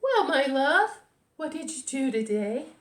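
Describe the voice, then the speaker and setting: A woman's voice: very animated, measured pace, a bit bright, heavily acted. Woman doing a fond, worried mother turtle. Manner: fond and high. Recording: echoey room.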